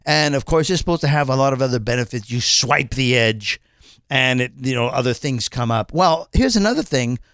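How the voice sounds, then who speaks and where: A man's voice: mid-range voice, lively intonation, fairly quick, a bit bright, no room sound, studio quality. A man ranting casually to camera, exasperated, swearing and stumbling over restarts. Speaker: vlogger reviewing a phone.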